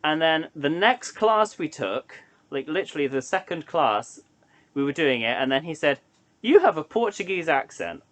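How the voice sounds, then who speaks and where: A man's voice: a little high, normal speed, a bit bright. A young man chatting casually to camera in a solo vlog, rambling and hesitant with lots of ums and restarts. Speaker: vlogger.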